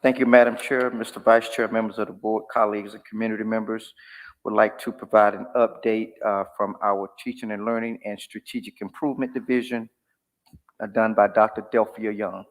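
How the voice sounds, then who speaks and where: A man's voice: fairly low pitch, little pitch movement, a little fast. A man serving as interim school superintendent, giving polite, formal remarks at a board meeting. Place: large boardroom. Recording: boardroom with long reverb.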